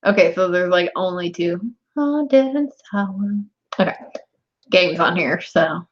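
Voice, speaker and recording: A young woman chatting with her live stream viewers, her pitch swinging up and down a lot. She laughs often and talks straight to her chat. The audio is dull and lo-fi. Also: animated, takes it slowly.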